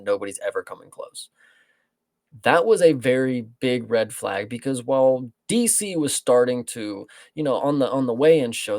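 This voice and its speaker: A man's voice: mid-range voice, a little mellow, no room sound, studio quality. A man co-hosting a casual show breaking down fights, rambling and swearing freely. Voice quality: gravelly, profane, rambling. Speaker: co-host.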